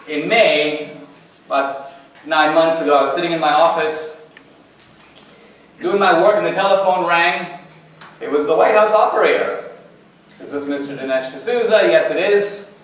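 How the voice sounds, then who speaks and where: Man, guest lecture, storytelling with quoted dialogue, somewhat high voice, big reverberant hall. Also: moderate pace, pauses often, fairly bright tone. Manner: anecdotal storytelling, quoting dialogue. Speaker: guest speaker. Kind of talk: campus lecture. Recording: echoey hall, distant mic.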